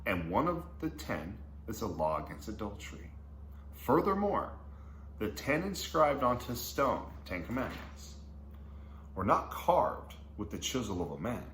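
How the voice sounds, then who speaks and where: Low-voiced man teaching scripture casually. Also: fairly bright tone. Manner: reads passages then breaks them down in slangy asides. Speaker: Bible teacher. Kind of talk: casual Bible study reading and commentary. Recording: echoey room with faint background noise.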